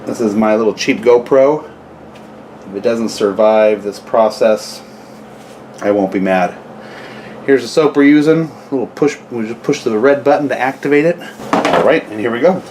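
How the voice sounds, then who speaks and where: A man at a middle pitch chats his way through a home how-to video, drifting off into rambling asides. He sounds easygoing and offhand, with a faint hiss of background noise behind him in the kitchen. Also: moderate pace, darkish tone. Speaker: gun owner vlogger. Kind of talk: casual how-to vlog.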